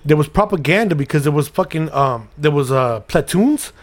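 A man co-hosting a podcast, talking in an animated, profane, rambling way. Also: fairly high pitch, normal speed. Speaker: podcast co-host. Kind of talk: casual chat.

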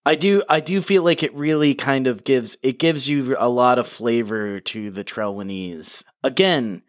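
A man's voice: mid-range voice, a little slow, no echo, clean studio sound. A man co-hosting a podcast, musing thoughtfully on a book in casual chat. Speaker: podcast co-host.

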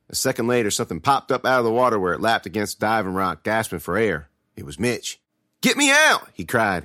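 Man telling a horror story with lively pitch. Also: dry recording, studio quality. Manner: dramatic first-person storytelling. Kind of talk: scripted horror narration.

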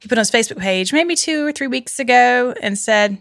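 Woman co-host, bright voice, halting casual talk, dry room. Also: on the high side, animated, dry recording. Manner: hesitant, with fillers. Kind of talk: casual conversation. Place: studio.

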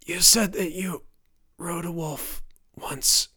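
A man voicing a badly burned, dying father with a rasping, breathy whisper, in an audiobook. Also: high-pitched, steady tone, slow, sharp tone, no echo, voice pushed up, full character voice.

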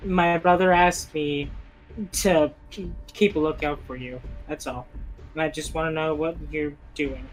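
A man voicing a cautious young man who speaks haltingly in a tabletop game. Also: fairly high pitch, fairly even intonation, soft background music, lightly acted, poor audio. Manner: hesitant, cautious. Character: wary young man searching for a woman.

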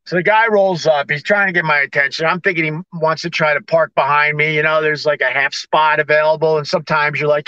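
A man rants into his phone from the driver's seat. His voice sits high and bright, and the sound is dry and a bit dull and lo-fi. He is sarcastic and fed up, and he mimics everyone he quotes. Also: a little fast, dry recording. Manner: exasperated, sarcastic, acts out both sides of conversations. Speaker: vlogger on a live stream. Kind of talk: ranting casual monologue. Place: parked car on a city street.

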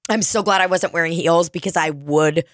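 A woman in her 20s, co-hosting a comedy podcast, tells a story in an animated way during a casual chat, swearing heavily and acting out voices. Her voice is lowish and fairly quick, recorded dry with clean studio sound.

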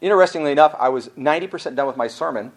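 A man's voice: fairly high pitch, racing. A male pastor giving a conversational sermon, telling a personal story in a rambling, folksy way and often correcting himself as he goes. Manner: folksy, talks directly to the congregation.

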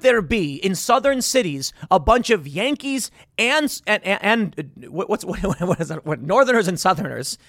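Animated, emphatic male commentator. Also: sits high, a little fast, few pauses, no echo, clean studio sound. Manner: emphatic and argumentative, reads and reacts to posts. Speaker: political commentator. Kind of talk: opinion commentary monologue.

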